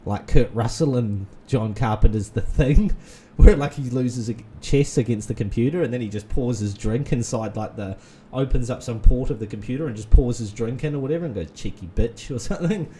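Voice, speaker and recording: A man's voice: medium pitch, a little fast, hardly any pauses, warm tone, a little hiss or hum. A man, rambling in casual gaming commentary full of fillers and restarts. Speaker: gaming channel host. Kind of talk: casual let's-play commentary.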